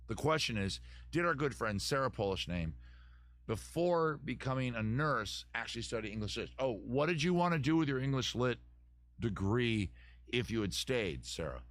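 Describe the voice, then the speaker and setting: A man's voice: medium pitch, animated, moderate pace, a bit bright, no room sound. A man hosting a live advice stream, chatting casually and joking as he thinks aloud with many restarts.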